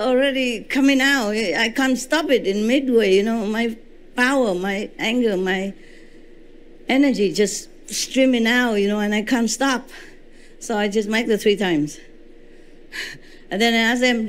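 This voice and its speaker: A woman spiritual teacher giving a lecture in non-native English, telling stories with lively reenactments and often checking in with "you know" and "okay?". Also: mid-range voice, a little hiss or hum. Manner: animated storytelling, reenacting her own shouts. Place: indoor lecture at a retreat. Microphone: microphone.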